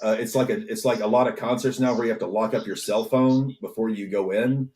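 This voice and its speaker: A man's voice: on the low side, fairly even intonation, brisk, a little mellow. A man co-hosting a casual podcast, rambling with many restarts and frequent swearing. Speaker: podcast co-host. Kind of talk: casual chat.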